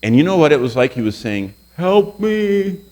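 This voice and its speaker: A man's voice: mid-range voice, animated, fast talker, darkish tone. A man in his sixties, a pastor teaching a Bible lesson to a room of college students, telling stories and asking the class questions. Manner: storytelling, quizzes the audience with questions.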